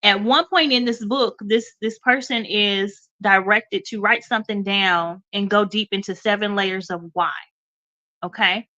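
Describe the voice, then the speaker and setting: A woman's voice: medium pitch, steady tone, a little slow, sharp tone, muffled recording. A woman hosting a radio show, giving an encouraging motivational talk and calling her listeners y'all, a little stuffy. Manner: encouraging, addresses listeners as y'all, repeats okay.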